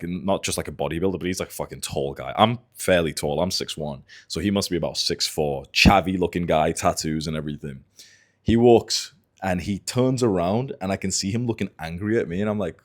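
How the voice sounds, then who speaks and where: A man in his late twenties telling a personal story to camera in a casual, animated way, swearing freely. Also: low-pitched. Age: 20s. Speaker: self-improvement YouTuber.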